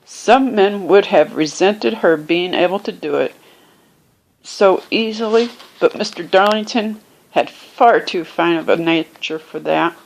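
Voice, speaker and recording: A woman reading a children's classic aloud, unhurried, lifting her voice for the characters and pausing now and then to find her place or explain a word. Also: lowish voice, gravelly, poor audio. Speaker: reader. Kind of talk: amateur audiobook reading.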